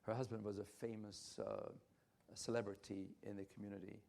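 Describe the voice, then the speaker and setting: A man's voice: lowish voice, flat delivery, fairly quick, gravelly, mellow. An older man giving a church health lecture, emphatic and repetitive, with frequent hesitant restarts. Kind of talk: health talk at a church conference.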